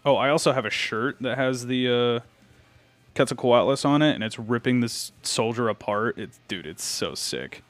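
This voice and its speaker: A man's voice: medium pitch, moderate pace, fairly bright tone, no echo. A young man chatting casually on a live stream, greeting viewers and thinking aloud as he posts online. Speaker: livestreamer. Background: faint metal music.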